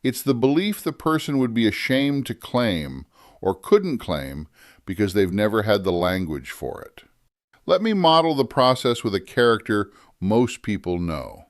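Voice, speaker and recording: Measured man with a lively, low voice. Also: dry recording, studio quality. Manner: measured, deliberate delivery with slow emphasis on key phrases. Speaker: writing teacher. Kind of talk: scripted instructional narration.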